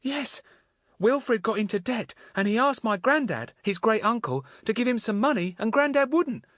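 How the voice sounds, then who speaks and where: A man's voice: lively intonation, moderate pace, a bit bright, no room sound, clean studio sound. Marion, a tearful captive girl voiced by a man. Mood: earnest. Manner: breathless, pleading, high and trembling. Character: frightened, tearful young girl held captive. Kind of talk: audiobook character voice.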